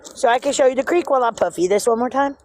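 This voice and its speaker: Speaking rapid-fire in a high, slightly mellow voice, this woman livestreams outdoors by a creek with a phone in her hand, and a bit of hiss or hum is audible. She keeps up playful, giggly banter with a childlike edge.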